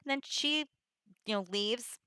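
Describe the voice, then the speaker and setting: Lady chatting through a play plot, bright tone, dry close sound. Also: fairly high pitch, measured pace, smooth, no echo. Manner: chatty, paraphrases with "like" and "you know". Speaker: teacher summarizing a play. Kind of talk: casual retelling of a play with readings.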